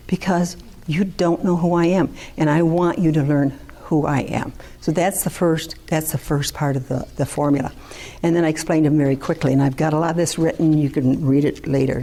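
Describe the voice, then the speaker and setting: Low-voiced older woman lecturing candidly. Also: warm tone, a little hiss or hum. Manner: candid, personal, quick asides. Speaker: therapist giving a talk. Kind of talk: lecture to an audience.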